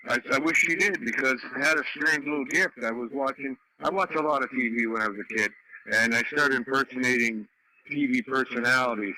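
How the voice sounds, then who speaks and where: A man in a chatty, storytelling mood on a radio net. His voice is bright and sharp, with faint hiss under it on the radio. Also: mid-range voice, rough recording. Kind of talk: casual radio chat.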